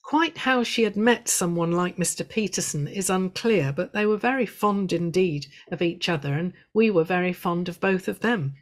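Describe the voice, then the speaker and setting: A woman with a fairly low-pitched voice addresses a local history society in a prepared talk with illustrations. She relates her stories at a measured pace and adds gentle humour.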